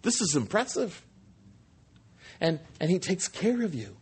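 A male preacher delivers an animated sermon, retelling scripture and stopping for playful asides. His voice is a little husky, and his pitch swings freely as he builds up each point. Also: measured pace. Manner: animated storytelling, frequent restarts and humor. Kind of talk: expository sermon.

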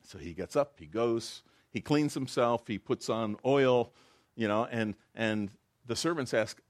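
A man's voice: mid-range voice, a little slow, dry recording. A man giving informal, conversational Bible teaching, telling jokes along the way. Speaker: preacher.

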